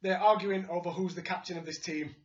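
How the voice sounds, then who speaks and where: A man with a Yorkshire accent chatting as a podcast co-host, animated, laughing often and acting out quotes. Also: sits high, a little fast. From England. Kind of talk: casual chat reviewing wrestling. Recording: roomy, slightly dull sound.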